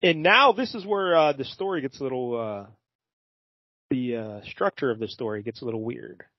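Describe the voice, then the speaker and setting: A man's voice: medium pitch, moderate pace, no echo. Laid-back man recapping a comic, muffled. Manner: laid-back, rambling with many fillers. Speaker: podcast co-host. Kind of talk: casual chat recapping a comic.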